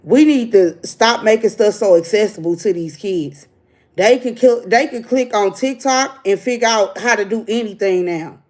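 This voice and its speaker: A woman's voice: medium pitch, normal speed, darkish tone. A middle-aged woman, ranting bluntly to her livestream viewers like a preacher. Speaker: livestream host. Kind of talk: casual livestream rant.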